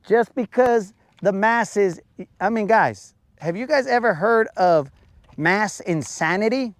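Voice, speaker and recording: A man's voice: high voice, expressive, slow pace, no room sound. A man chatting casually on a live stream while fishing outdoors on a lake, ranting in a playful, mock-serious way and stretching out his words.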